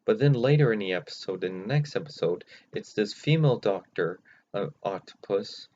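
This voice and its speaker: Casting: lower-voiced man, rambling unscripted recap, halting delivery; muffled recording with faint hiss. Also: expressive, darkish tone. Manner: rambling, halting, full of restarts and apologies. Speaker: channel host recapping episodes. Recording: dull lo-fi recording, faint noise.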